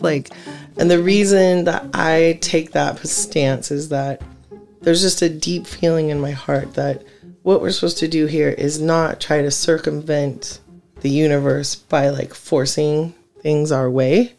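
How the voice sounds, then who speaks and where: Low creaky woman, chatty guest. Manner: chatty, many "like" fillers, animated storytelling. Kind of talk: casual conversation.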